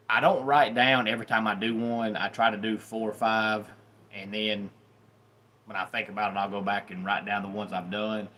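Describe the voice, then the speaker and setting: A Southern man from the Deep South hosts a casual live stream, greeting viewers one by one in a chatty way. His voice is on the low side but bright and forceful. A faint hiss sits under his talk. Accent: Southern American. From Deep South, USA. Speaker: livestream host.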